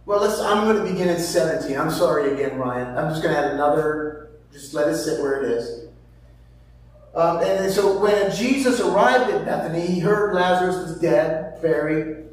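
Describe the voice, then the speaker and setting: A male pastor with a fairly high voice preaches emphatically, hammering key words and then dropping to near-whispers while posing rhetorical questions as he reads scripture. He sounds far from the microphone in a very echoey hall with heavy, lingering reverberation.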